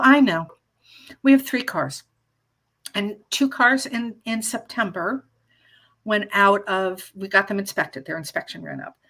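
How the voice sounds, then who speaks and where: Playful, lively woman in her fifties. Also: mid-range voice. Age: 50s. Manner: lively, playful, restarts often, acts out little scenes. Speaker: guest, life coach. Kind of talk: casual interview chat.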